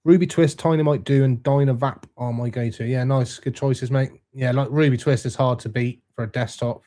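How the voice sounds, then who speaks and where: Young man, laid-back matey live-stream host, mid-pitched, casual. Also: fairly even intonation, normal speed, warm tone. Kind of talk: casual live chat reading comments.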